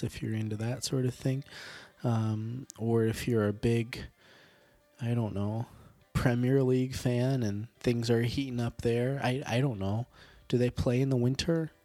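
A man wraps up his podcast, his voice hoarse and worn. He rambles along in a jokey way, full of ums and uhs. The sound is dry and close, with no room around it. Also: mid-range voice, mellow, no echo. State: hoarse, sore throat with coughing. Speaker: podcast host. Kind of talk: casual podcast sign-off.

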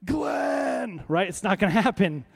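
Male pastor, slightly high-pitched voice, conversational emphatic sermon delivery. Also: normal speed, darkish tone. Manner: conversational, emphatic preaching with rhetorical questions.

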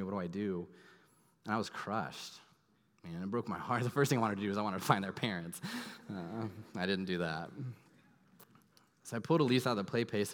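A man in his thirties, a pastor preaching a sermon, earnest and emphatic, dropping to soft low tones at tender moments. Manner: earnest, emphatic storytelling with sudden soft drops. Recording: long hall reverb.

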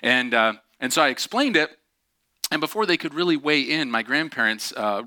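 A male pastor delivers a conversational sermon with a very bright, ringing voice, heavy on filler words and easygoing asides. The sound is close and dry, with no room echo. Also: medium pitch. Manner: casual, self-deprecating, many fillers. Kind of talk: sermon storytelling.

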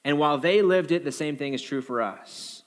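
A male pastor delivering a sermon in a lively, joking way, his voice sitting a bit high for a man. He slips into exaggerated voices for the people he quotes, then drops back to plain preaching. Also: normal speed. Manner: animated, jokey, acts out quotes in high voices.

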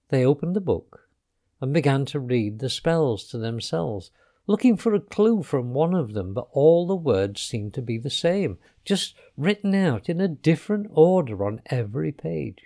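A man narrating a children's storybook in an expressive, unhurried way. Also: fairly high pitch.

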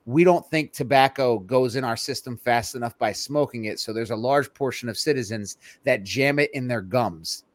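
A man's voice: medium pitch, moderate pace, hardly any pauses. A man co-hosting a casual talk show, talking in a dry, joking way. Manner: wry, joking. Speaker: podcast co-host.

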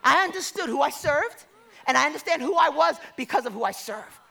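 A woman's voice: sits high, animated, fairly quick, creaky, pushed and bright. A woman preaching a sermon, telling stories and acting out the voices of the people in them before calling out to the congregation. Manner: storytelling, acts out quoted voices, builds to exhortation.

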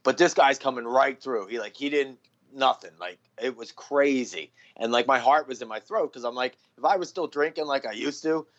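A man's voice: medium pitch, normal speed, a bit bright. A man born in Philadelphia and raised in New Jersey, hosting a podcast with blunt, crude talk and heavy swearing. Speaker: podcast host. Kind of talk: casual podcast chat. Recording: slightly dull lo-fi sound.

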